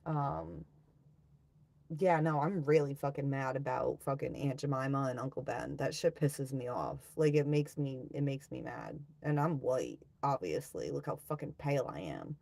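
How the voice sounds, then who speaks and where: A woman's voice: extremely low pitch, expressive, normal speed, creaky, darkish tone, no room sound. A young woman chatting casually on a livestream, blunt and profane as she rants and reads comments. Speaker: livestream host.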